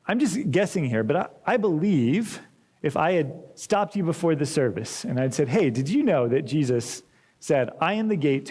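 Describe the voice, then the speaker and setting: A man preaching a sermon in a church, speaking in a measured, deliberate way with touches of dry humor. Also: mid-range voice, warm tone, breathy edge. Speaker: pastor.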